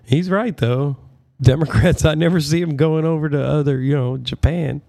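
Gravelly, mellow-voiced male host. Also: a little high, moderate pace, no room sound. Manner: relaxed, chatty, asks the audience. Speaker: host reacting to clips. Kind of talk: casual commentary.

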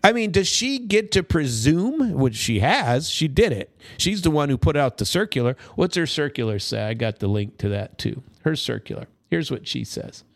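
A man's voice: medium pitch, expressive, normal speed, creaky, few pauses, dry recording, studio quality. A male radio talk show host giving blunt, indignant commentary, cursing now and then and often restarting his sentences. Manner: frequent stammered restarts.

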